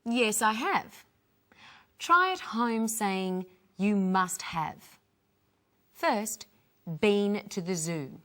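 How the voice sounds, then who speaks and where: A woman teaching English phrases, clearly modelling each one for learners to repeat. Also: medium pitch, sing-song, very slow, fairly bright tone. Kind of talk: slow teaching with repeat-after-me drills.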